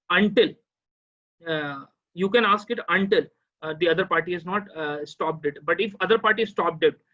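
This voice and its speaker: A man with an Indian English accent and a slightly high voice teaches an online law lecture on cross-examination, walking through it step by step, using many "uh" fillers and checking in with listeners. The highs in the audio are cut off.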